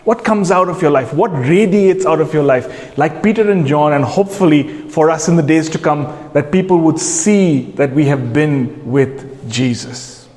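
A man's voice: a little high, darkish tone. A man preaching a sermon, earnestly putting questions straight to his listeners. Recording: long hall reverb.

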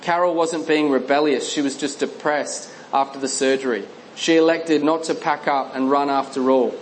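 A man's voice: on the high side, steady tone, normal speed, slight background noise, rough recording. Earnest man narrating a Christian memoir. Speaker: narrator reading a book.

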